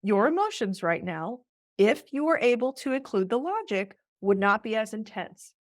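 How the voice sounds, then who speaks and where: Animated woman podcast host, dry sound. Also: fairly high pitch, normal speed, no room sound. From Italian heritage. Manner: animated, acts out quoted voices. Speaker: podcast co-host, relationship therapist. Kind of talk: casual explanatory conversation.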